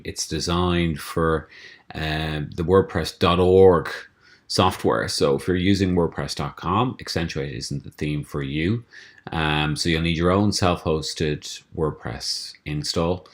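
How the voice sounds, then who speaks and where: A man from a theme company walking through a screencast tutorial, explaining steps in a relaxed way with frequent ums and restarts. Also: low voice, a little slow. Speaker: theme developer giving a tutorial.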